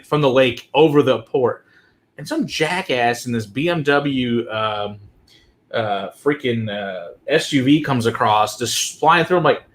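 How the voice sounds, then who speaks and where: A man co-hosting a casual chat, telling travel stories in a profane, animated way. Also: medium pitch. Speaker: whiskey show co-host.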